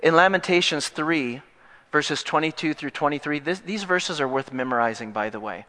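A male pastor preaching an emphatic sermon, shifting easily between earnest points and playful jokes. His voice sits a little high and sounds bright and forceful. A long reverb trails each phrase, as in a large hall. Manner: animated, joking, emphatic.

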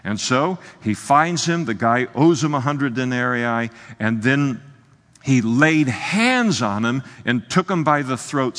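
A man preaching an expository sermon, emphatic and exclamatory, pausing on fillers and restarts. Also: medium pitch, expressive, a bit bright. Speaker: pastor. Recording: long hall reverb.

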